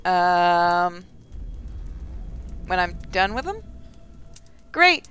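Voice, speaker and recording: A woman's voice: lowish voice, big pitch swings, very slow, fairly bright tone, clear, resonant tone, exaggerated voice. A woman voicing a greedy, crude female cannibal with an attempted British accent, wheedling and leering.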